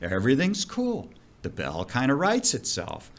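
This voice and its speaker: A middle-aged man tells a story in a casual interview, his pitch leaping up and down. He swears freely and talks in a lively, colorful way, like a diving instructor recalling old jobs. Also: a little slow. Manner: animated, profane, vivid storyteller.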